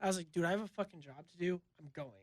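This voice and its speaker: A young man, a podcast guest, telling a story in casual chat, animated and profane, acting out what people said. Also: high-pitched, very fast, a little hiss or hum. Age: young adult. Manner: animated, profane, acts out quotes with laughter.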